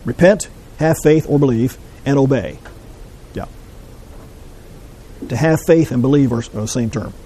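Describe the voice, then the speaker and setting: A man teaching a Bible class, explaining scripture in a measured way and putting questions to his listeners. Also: medium pitch, dark tone, a little hiss or hum, poor audio.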